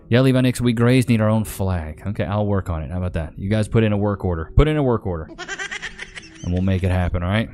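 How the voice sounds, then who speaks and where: Low-voiced man hosting a loose live stream. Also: animated, quick pace, mellow, soft background music. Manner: loose, slangy, reads chat names aloud. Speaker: livestream host. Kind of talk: casual live-stream chat. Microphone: desk microphone.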